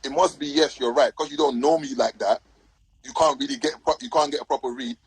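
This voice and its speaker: Fast-talking husky man. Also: medium pitch, fairly even intonation, poor audio. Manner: demanding, cuts in with repeated questions. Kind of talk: heated live stream argument.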